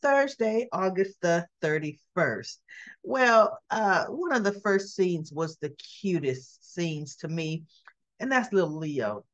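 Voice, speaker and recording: A woman's voice: fairly low pitch, expressive, takes it slowly, highs cut off. A woman vlogger casually recapping soap opera scenes in a chatty, giggly way, acting out the characters' lines. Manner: chatty, giggly, acts out the quotes.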